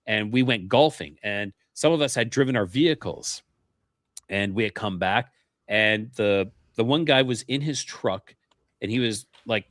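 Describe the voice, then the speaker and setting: A man's voice: medium pitch, a bit bright, no echo. Earnest man telling paranormal stories. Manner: earnest, repeats words when starting sentences. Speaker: podcast guest. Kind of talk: paranormal interview storytelling.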